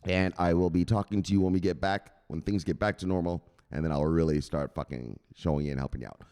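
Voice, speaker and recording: A man hosting a casual livestream, giving loose, profane shoutouts to viewers with laughs along the way. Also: sits low, steady tone, fast, clean tone, in a large hall. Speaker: host.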